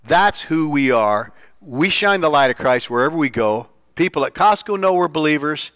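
A man preaching an informal sermon, telling stories, his voice leaping up when he gets excited and falling soft and low for earnest points. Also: moderate pace, smooth, no echo. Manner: animated, jumps up in pitch for quoted lines. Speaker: pastor.

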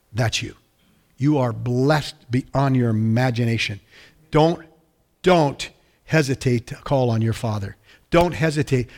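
A man preaching a sermon as pastor, fervent and emphatic, repeating phrases for weight. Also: medium pitch.

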